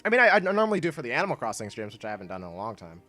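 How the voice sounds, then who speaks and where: A man streaming a game, chatting casually with his viewers in a laid-back, rambling way and laughing often, with soft music playing behind him. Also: mid-range voice, huge pitch swings, very fast. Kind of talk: casual chat while gaming. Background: soft chill music.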